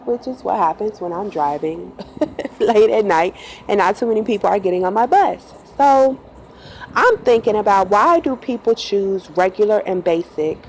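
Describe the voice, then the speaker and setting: A woman's voice: mid-range voice, a little mellow, slight background noise, low-quality recording. A woman who drives a bus, telling a personal story in a casual, chatty way, laughing often and acting out quotes. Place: in a bus at night.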